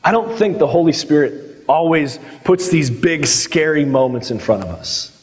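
A man's voice: a little high, lively intonation, a little slow. A male pastor giving a conversational sermon and acting out the quotes in the story. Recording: long hall reverb.

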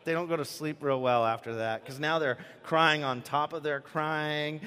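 A man preaching a sermon, telling a story in an animated way and acting out the voices of the people in it. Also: fairly high pitch, moderate pace, few pauses, smooth, long reverb tail. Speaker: pastor.

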